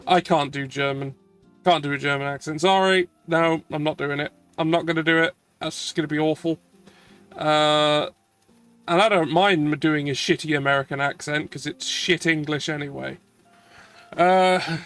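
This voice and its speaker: High-voiced man rambling over gameplay. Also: steady tone, normal speed, fairly bright tone, smooth, soft background music. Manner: rambling, chatty and self-deprecating. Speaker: streamer. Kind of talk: casual gameplay commentary.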